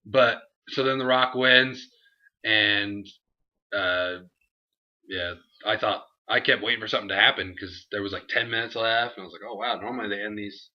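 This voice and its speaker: A young man co-hosting a casual review chat, animated and laughing, acting out what others said. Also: fairly low pitch, normal speed. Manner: animated, acts out quotes, laughs often. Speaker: show co-host. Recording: dull lo-fi home recording.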